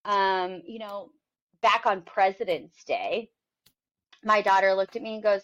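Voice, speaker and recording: A woman in her thirties hosting a casual podcast chat, animated and laughing often as she acts out her own past words. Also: mid-range voice, measured pace. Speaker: podcast host. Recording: dull lo-fi sound.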